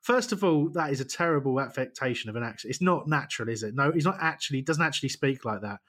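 A man co-hosting a casual football podcast, sarcastic and quick to laugh. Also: medium pitch, animated, a bit bright. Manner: jokey, sarcastic, laughs often. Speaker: podcast co-host.

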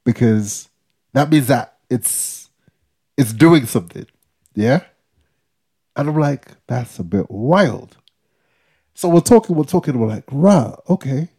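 A man's voice: medium pitch, animated, takes it slowly, pauses often, mellow, breathy edge. A young man, co-hosting a podcast and animatedly retelling a story, acting out quotes with slang and tagging lines with "yeah?". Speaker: podcast co-host. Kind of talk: casual storytelling chat.

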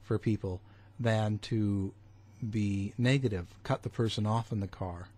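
A man's voice: fairly low pitch, steady tone, a little slow, darkish tone. A man hosting a casual chat, speaking hesitantly with many fillers. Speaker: host.

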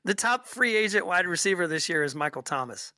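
A man's voice: high voice, animated, a little fast, sharp tone, no echo. A man co-hosting a casual sports podcast, joking and teasing. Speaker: podcast co-host.

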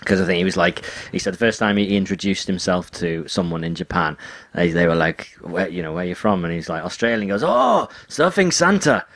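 A man's voice: sits low, steady tone, quick pace, hardly any pauses, a bit bright, dry recording. A man from England in casual podcast chat, telling stories with dry asides.

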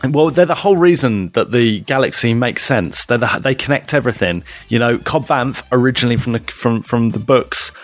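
A man on a casual podcast, ranting in mock outrage at a quick clip. He stumbles into repeated words as he goes, and his pitch sits in the ordinary middle range for a man. The recording is dry and close, with faint music underneath. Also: no room sound. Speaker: podcast co-host. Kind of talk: casual chat, mock rants.

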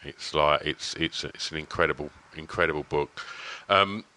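A man's voice: extremely low pitch, bright, forceful tone. A man hosting a podcast who talks casually, stops and restarts often, and swears now and then. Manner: halting, many fillers and restarts, casual swearing. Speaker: podcast host. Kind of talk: casual interview chat.

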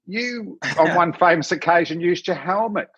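A man's voice: high-pitched, moderate pace, fairly bright tone, breathy edge, lo-fi sound. A podcast host, a man, asking jokey, teasing questions in a casual interview chat.

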